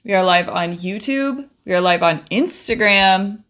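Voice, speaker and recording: A woman's voice: mid-range voice, measured pace, a bit bright. Young woman rambling happily at her desk mic while she paints on stream, lots of restarts. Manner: chatty, bubbly, trails off and restarts. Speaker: livestreaming painter. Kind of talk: casual chat while painting. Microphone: desk microphone.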